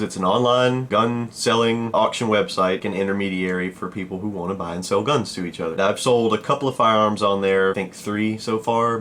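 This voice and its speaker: A man telling a casual story-time vlog in a profane, animated way. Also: on the low side, a little hiss or hum. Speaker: vlogger.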